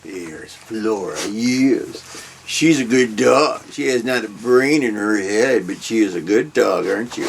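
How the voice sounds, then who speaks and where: An older man hosts a casual comic book vlog in a lowish voice. He rambles at an easy pace, dotting his talk with ums and drifting into side remarks. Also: unhurried, gravelly, a little hiss or hum. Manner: rambling, with many ums and trailing asides. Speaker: comic book review host.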